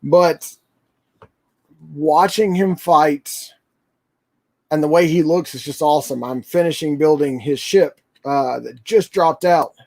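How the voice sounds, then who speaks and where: A man hosts a casual livestream and rambles excitedly, with many ums and restarts. His voice sits a little high for a man. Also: takes it slowly. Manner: rambling, excitable fan talk with fillers. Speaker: toy channel livestream host.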